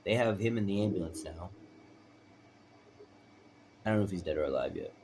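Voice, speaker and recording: A man with a deep, low voice tells his own story in a loose, rambling way. He presses his points hard and keeps checking in with "right?" A light background noise runs under the recording. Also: lively intonation, fairly quick, dark tone. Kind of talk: personal storytelling.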